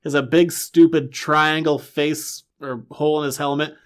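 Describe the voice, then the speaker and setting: A man co-hosting a casual pop culture podcast, talking in a wry, dismissive way with quick asides. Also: a little high, level tone, clean tone. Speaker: podcast co-host.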